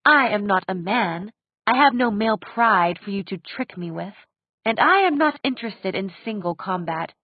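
A woman's voice: mid-range voice, expressive, normal speed, no room sound, natural voice. A woman voicing an ancient, proud female demon who speaks coldly and commandingly. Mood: scornful. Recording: dry tinny phone-like sound.

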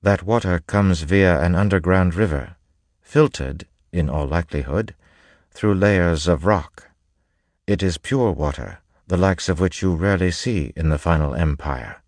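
A man voicing a calm, scholarly man who speaks in a measured, formal way. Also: low-pitched, no room sound, clean studio sound.

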